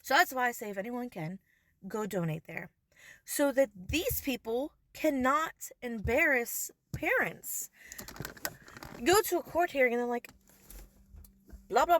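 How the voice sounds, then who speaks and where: A young woman vlogger rants angrily straight into her camera, swearing freely and driving her points home with emphasis. Her voice is a little high for a woman, and she stays animated and heated at a measured pace without tipping over into yelling.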